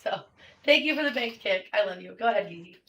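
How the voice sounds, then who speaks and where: A woman's voice: mid-range voice, animated, fast, bright, forceful tone. A woman hosting a casual live stream, chatty and playful with callers. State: sweaty, on medication. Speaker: stream host. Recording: distant mic with clear background noise.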